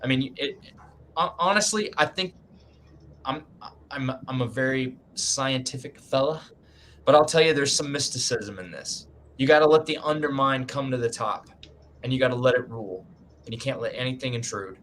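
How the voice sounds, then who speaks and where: A man's voice: mid-range voice, normal speed, fairly bright tone, a little hiss or hum. A man giving writing advice in a casual group video chat, emphatic and folksy, often tagging lines with "man", speaking from his home writing room.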